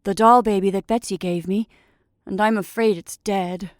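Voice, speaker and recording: A woman's voice: mid-range voice, fairly even intonation, normal speed, no echo, studio quality, natural voice. A woman voicing Jimmy Scarecrow, a timid and anxious scarecrow, in a storybook reading. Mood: pleading. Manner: pleading, anxious, raised voice.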